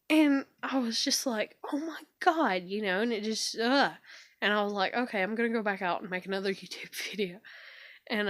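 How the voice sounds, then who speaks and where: A woman's voice: on the high side, a bit bright, dry recording, clean studio sound. A young woman vlogging into her phone, venting in a frustrated, swearing, repetitive rant about home life.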